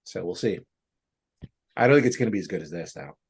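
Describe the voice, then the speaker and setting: A man's voice: low-pitched, animated, quick pace, vocal fry, breathy edge. A man hosting a casual podcast, a playful improviser who gushes and jokes. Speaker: host. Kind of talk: casual chat.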